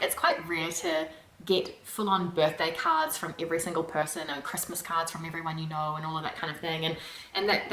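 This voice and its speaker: A woman from New Zealand with a New Zealand accent, chatting casually to camera in a vlog, animated and laughing often. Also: fairly low pitch, roomy sound, slight background noise. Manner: chatty and animated, laughs often, acts out her own reactions. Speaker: vlogger.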